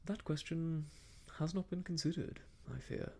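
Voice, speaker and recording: A man voicing an idle, uneasy young gentleman in a whispered role-play, hesitant and sheepish. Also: medium pitch, animated, moderate pace, vocal fry.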